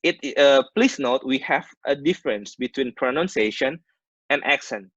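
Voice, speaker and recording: A man's voice: mid-range voice, animated, moderate pace, a bit bright, no echo. Indonesian man teaching maritime English online. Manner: explains terms by switching between English and Indonesian glosses, many restarts. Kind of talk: online class lecture. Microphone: video call. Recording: muffled online call audio.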